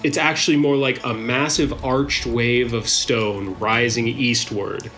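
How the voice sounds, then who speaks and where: A man's voice: medium pitch, unhurried, soft background music. Man narrating a tabletop game. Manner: crude banter, then steady descriptive narration. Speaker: game master.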